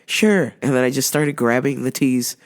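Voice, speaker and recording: A woman's voice: a bass voice, brisk. A woman who works in a store, bluntly and sarcastically telling stories about her customers in a casual vlog. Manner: animated, laughing, blunt and sarcastic.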